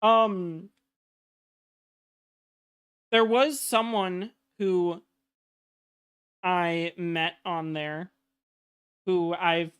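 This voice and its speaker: Slow, smooth-voiced young woman chatting. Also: lowish voice, steady tone. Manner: hesitant, many ums, soft laughs. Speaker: guest streamer. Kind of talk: casual chat on a game stream.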